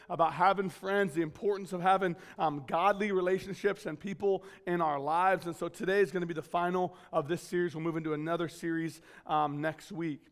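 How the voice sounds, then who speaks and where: A man with a notably high voice delivers a relaxed church sermon. He talks like he's chatting with friends, loose and self-deprecating, scattering fillers through his stories. He's from California and sounds to be in his thirties. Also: clear, resonant tone. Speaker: guest preacher at his home church. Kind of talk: casual storytelling sermon.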